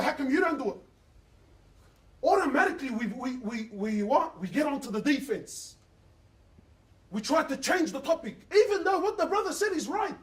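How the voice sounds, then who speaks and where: A man's voice: very high voice, roomy sound, distant mic. A man, preaching an emotional sermon and asking his listeners rhetorical questions. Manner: impassioned, quotes others in dialogue, asks rhetorical questions. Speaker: Islamic preacher.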